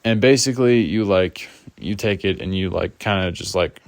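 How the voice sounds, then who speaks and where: A man's voice: low voice, normal speed, no echo. A man casually telling a personal story, rambling and full of fillers. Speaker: storyteller vlogger.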